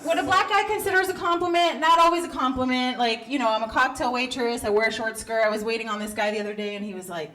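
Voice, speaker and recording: A woman's voice: a little high, steady tone, fast, few pauses. A woman in her thirties doing a stand-up comedy set, brash, profane and self-mocking, laughing through her lines. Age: 30s. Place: comedy club stage. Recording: noisy live club recording.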